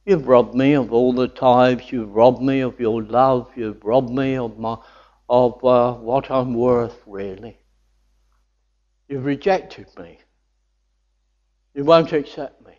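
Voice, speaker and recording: A man's voice: mid-range voice, slow pace, a little mellow. An older man preaching a sermon, earnest and building to enthusiastic exclamations of wonder. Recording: dull lo-fi recording.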